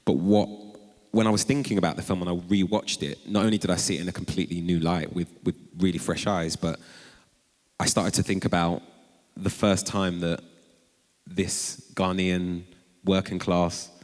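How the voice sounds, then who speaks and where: On stage in a large chapel before a live audience, a low-voiced North London man, an author appearing as a guest, tells stories conversationally. He's animated and quick to jump into high-pitched quoted exclamations, and his voice carries a long reverb through the hall.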